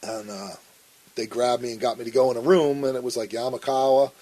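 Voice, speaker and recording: A man's voice: mid-range voice, steady tone, a little fast, warm tone, rough recording. Guy swearing nonstop telling his story, blunt, acts out the fights. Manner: blunt and profane, acts out quoted arguments. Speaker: interview guest. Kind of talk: shoot interview storytelling.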